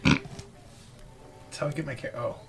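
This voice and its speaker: A man playing a tabletop role-playing game who speaks in a hesitant, halting way. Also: a bit bright. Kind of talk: casual tabletop game chat.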